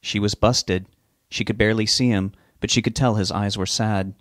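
A man reading a novel aloud in a measured, steady way. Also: on the low side, no echo, studio quality. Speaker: narrator. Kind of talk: audiobook narration.

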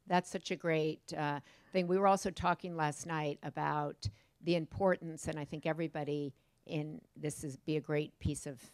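Woman host, deep for a woman, dry sound, rambling questions. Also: steady tone, normal speed, darkish tone, clean tone, no echo. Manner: loose rambling questions with many fillers. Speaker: interviewer. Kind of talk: casual onstage interview.

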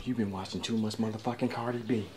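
A man in a comedy sketch, loud, brash and profane, sometimes dropping to low mutters. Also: steady tone, fast, music in the background.

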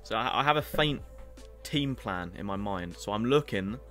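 Excitable, bright-voiced gamer guest. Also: male voice, lowish voice, moderate pace, faint music behind. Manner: excitable, laughing banter. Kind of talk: casual gaming chat.

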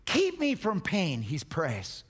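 Male pastor, high lively voice, impassioned sermon delivery with emphatic repetition. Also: takes it slowly, breathy edge. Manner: impassioned, repeats words for emphasis, swings from loud to hushed.

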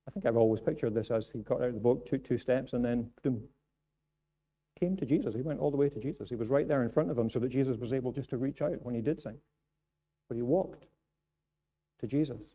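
A Scottish man preaches in a church, his voice very dark and mellow in timbre. He drops to soft, reflective stretches and then builds to loud, emphatic peaks. The recording is muffled and lo-fi. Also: medium pitch, brisk, long pauses. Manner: animated preaching, builds to raised emphatic passages. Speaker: pastor. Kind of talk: sermon. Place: church sanctuary. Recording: dull lo-fi sound.

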